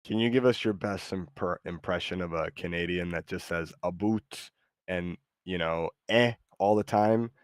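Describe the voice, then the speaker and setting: An American man with a fairly low voice, hosting a casual live stream. He rambles, restarts his sentences and reads chat messages aloud. The sound is dry and close to the mic. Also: normal speed, few pauses, dry recording. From United States. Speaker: streamer host.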